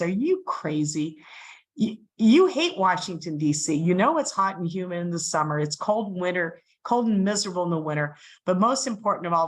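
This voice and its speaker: Lively storytelling woman, low voice. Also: rough recording. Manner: animated storyteller, acts out voices in quotes. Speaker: guest speaker. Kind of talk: storytelling talk.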